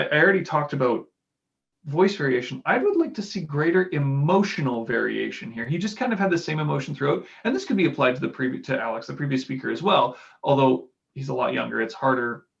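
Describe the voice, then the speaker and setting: Gravelly man coaching on speech delivery. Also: a little high, lively intonation, fairly quick, muffled recording. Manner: demonstrates delivery with acted example lines. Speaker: speaking coach commenting on clips. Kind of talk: casual analytical commentary.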